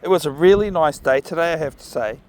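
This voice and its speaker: A man's voice: a little high, fast talker. Laid-back New man talking outdoors. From New Zealand. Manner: relaxed, chatty, talks to his dog with soft commands. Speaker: dog-walking vlogger. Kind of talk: casual outdoor vlog chat. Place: outdoors by a marina on a windy evening walk.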